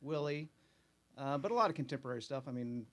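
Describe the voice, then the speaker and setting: A middle-aged man, singer and songwriter of a country band, talking in a relaxed, soft-spoken way with many fillers in a radio studio interview. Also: medium pitch, fast talker. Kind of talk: radio interview and live song. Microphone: studio microphone. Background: his own country band playing live.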